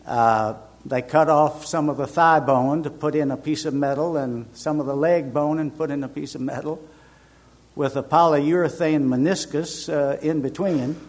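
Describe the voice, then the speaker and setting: Older storytelling preacher, fairly high voice. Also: male voice, fairly even intonation, moderate pace. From Richmond, Virginia, US. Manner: conversational storyteller, swells to emphatic proclamation. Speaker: minister. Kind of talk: sermon with personal anecdotes.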